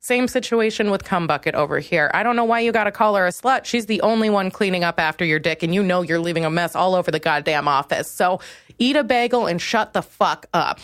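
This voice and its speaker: A woman comedian hosting her own podcast, delivering a crude, acerbic monologue that keeps leaping up in pitch. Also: fairly quick, fairly bright tone, no echo, clean studio sound. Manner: crude, acerbic ranting with sudden high jumps in pitch.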